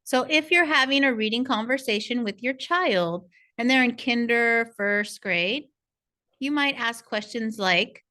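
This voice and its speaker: A woman's voice: fairly high pitch, measured pace, pushed and bright. A woman narrating a parent workshop as a reading coach, in a patient, encouraging teacher tone. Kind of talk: scripted instructional narration.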